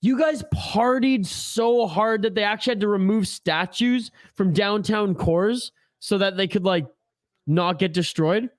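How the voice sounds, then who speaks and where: A man's voice: high voice, unhurried. A man hosting a live hockey watch-along stream, giving casual play-by-play and joking and swearing while reading chat aloud. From Canada.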